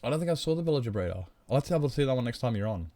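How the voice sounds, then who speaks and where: A man's voice: medium pitch, expressive, very fast, warm tone. A man chatting on a live game stream, rambling, greeting viewers and joking about himself.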